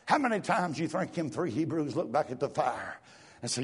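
Preaching a fervent church revival as a guest, an older man uses a husky, rather high voice that's very animated at a normal speed. He talks in rhythmic bursts, with an "uh" leading off almost every phrase.

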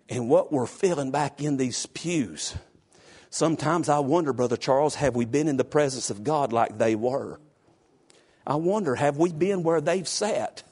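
A man preaching a fiery sermon, shouting in rising bursts and then dropping low and confiding. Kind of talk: fiery Pentecostal-style sermon.

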